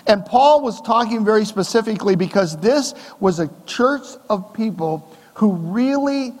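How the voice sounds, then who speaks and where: A middle-aged male pastor preaching a sermon in a church, talking conversationally with rhetorical questions and swings between soft and emphatic delivery. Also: high voice, lively intonation, unhurried, in a large hall. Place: church sanctuary.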